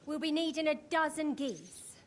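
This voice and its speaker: An actress playing a busy woman of the house, briskly listing chores. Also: high voice, animated.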